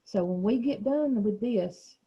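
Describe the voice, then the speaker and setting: A woman's voice: medium pitch, unhurried, warm tone, breathy edge, dull audio. A woman teacher leading a small reading group over a video call, asking questions and explaining words patiently.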